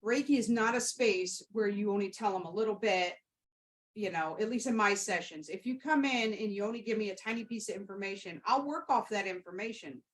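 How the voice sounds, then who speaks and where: A woman's voice: medium pitch, brisk, low-quality recording. A woman Reiki practitioner hosting a podcast, telling a session story and answering questions in a rambling, heartfelt way, with many fillers and restarts. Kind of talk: casual storytelling and Q&A.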